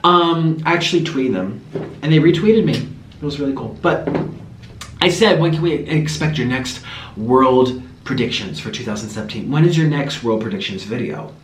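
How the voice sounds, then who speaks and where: A man chatting casually to camera as a vlogger, rambling in an animated, talkative way. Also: mid-range voice, moderate pace, echoey room, a little hiss or hum.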